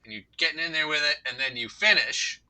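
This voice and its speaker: A man's voice: on the high side, brisk, bright, forceful tone, poor audio. A man co-hosting a crude comedy podcast, rambling through stories in a loose, conversational way. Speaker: podcast co-host.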